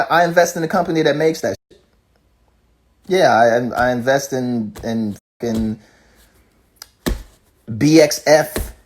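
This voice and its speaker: A man's voice: lowish voice, darkish tone. Man ranting with fiery rhetorical questions. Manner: profane, fired-up rhetorical questions. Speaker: rapper. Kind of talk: casual rant.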